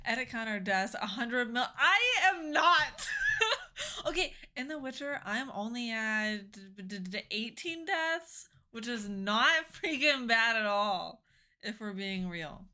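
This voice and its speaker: A young woman chatting casually with viewers during a game live stream, bubbly and quick to laugh. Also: on the high side, expressive, bright, forceful tone.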